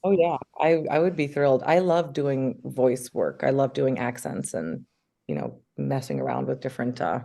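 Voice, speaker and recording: Gravelly-voiced actress chatting eagerly. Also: female voice, extremely low pitch, normal speed, dark tone. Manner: enthusiastic, chatty, many filler words. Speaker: actress guest. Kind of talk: casual interview chat.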